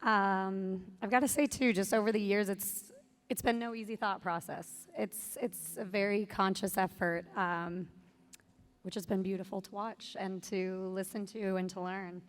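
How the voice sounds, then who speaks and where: A woman's voice: mid-range voice, steady tone, a little slow. Woman moderating a panel, gracious, reading out questions.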